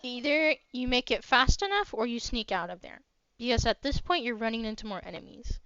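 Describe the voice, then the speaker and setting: A woman's voice: fairly high pitch, lively intonation, fairly quick, a bit bright, clean tone, no room sound. A young woman narrating as game master of a tabletop game, rambling with lots of fillers. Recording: dry, dull lo-fi mic.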